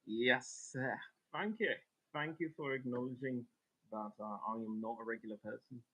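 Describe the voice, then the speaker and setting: A man's voice: medium pitch, moderate pace, bright, forceful tone, husky. A man streaming live, chatting casually and sarcastically, swearing as he answers his chat. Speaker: livestreamer. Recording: tinny phone-like sound.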